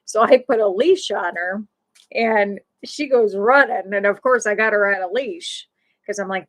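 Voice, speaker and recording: A woman hosting a live stream, telling a casual story in a rambling, animated way full of fillers. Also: medium pitch, unhurried. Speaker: livestream host.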